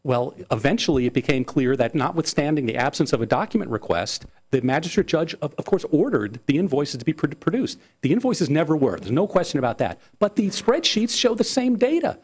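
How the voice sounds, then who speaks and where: A man's voice: fairly high pitch, very animated, brisk, few pauses, a little mellow. Insistent male attorney arguing in court. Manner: earnest, insistent, repeats words while pressing a point. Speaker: appellate attorney. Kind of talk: courtroom oral argument.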